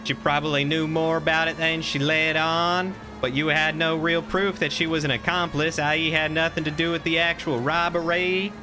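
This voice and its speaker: A man's voice: on the high side, little pitch movement, normal speed, hardly any pauses, over music. A man streaming a detective game, chatting casually and joking in a mock southern drawl. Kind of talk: casual gameplay commentary.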